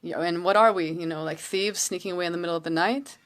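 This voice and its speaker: A woman voicing a calm, firm male prophet in a retold story, measured and steady. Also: on the low side, natural voice.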